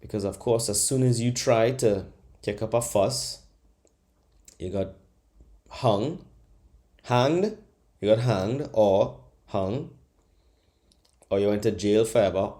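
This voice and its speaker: A man hosting a comedy podcast, delivering a profane, animated rant. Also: lowish voice, slow, pauses often. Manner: animated, profane, mocking voices in bursts. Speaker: podcast host.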